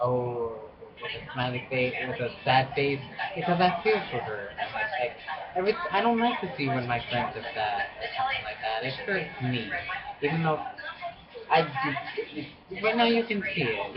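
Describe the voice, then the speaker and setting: A man's voice: medium pitch, lo-fi sound. A young man talking casually to camera, earnest and rambling with many restarts and frequent laughs. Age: young adult. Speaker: vlogger.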